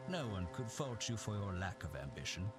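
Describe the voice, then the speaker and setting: An actor playing a haughty older gentleman in a game, refined and condescending. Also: low voice, big pitch swings, a little fast. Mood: dry. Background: background music.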